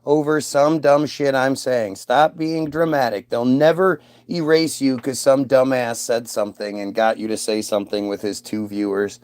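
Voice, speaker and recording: A man's voice: medium pitch, steady tone, moderate pace, few pauses, a little mellow, smooth, dry recording. A man chatting casually with an AI, insistent and coaxing. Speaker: streamer talking to an AI. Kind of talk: casual chat.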